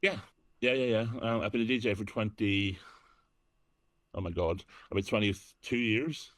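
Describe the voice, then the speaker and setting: A man's voice: lowish voice, normal speed, fairly bright tone, dry recording. A middle-aged man from Northern Ireland, chatting casually as an interview guest, self-deprecating with frequent ums. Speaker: guest, actor and DJ.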